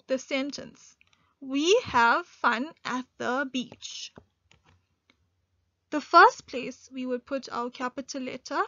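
A woman teaching an online grade one English lesson, speaking slowly and clearly and stressing key words. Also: sits high, fairly bright tone, no echo. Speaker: primary school teacher. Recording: dull lo-fi dry recording.

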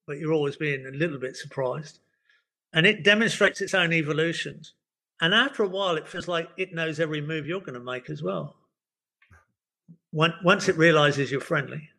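An older man with a bright, forceful tone and a fairly high voice for a man talks through ideas as an interview guest. He rambles reflectively, stumbling over repeated words and filling gaps with "you know." His manner stays easygoing, with soft chuckles. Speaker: permaculture educator, podcast guest. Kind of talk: casual interview conversation.

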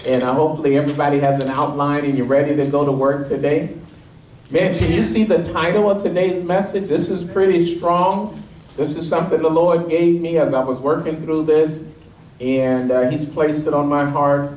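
A man's voice: normal speed, slight background noise. A man preaching a sermon as pastor, quizzing his congregation call-and-response style and pressing his points with rising energy. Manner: energetic and emphatic, rising in pitch as he drives points home. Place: church sanctuary. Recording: echoey room, mic at a distance.

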